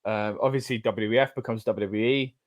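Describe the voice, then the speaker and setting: An English man co-hosting a casual watch-along, chatty and excitable with loud exclamations. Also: fairly low pitch, brisk. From England. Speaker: co-host.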